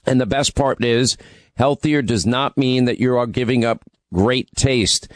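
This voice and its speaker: A man's voice: mid-range voice, measured pace, no room sound. A man hosting a radio talk show, rambling conversationally through ad reads and news, with fillers and restarts.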